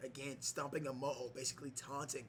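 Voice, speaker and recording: A man giving mock wrestling play-by-play over a video game, excitable, with many fillers and shouts on big moves. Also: mid-range voice, fast. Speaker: gameplay commentator.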